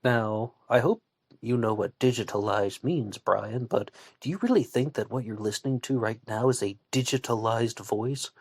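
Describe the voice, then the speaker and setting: A man's voice: medium pitch, normal speed, a little mellow, husky, no echo. A man hosting an online radio show, talking through a casual monologue with sarcastic asides.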